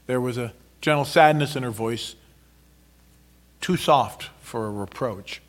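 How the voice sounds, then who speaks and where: A man narrating a story in a measured, dramatic reading style. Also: mid-range voice.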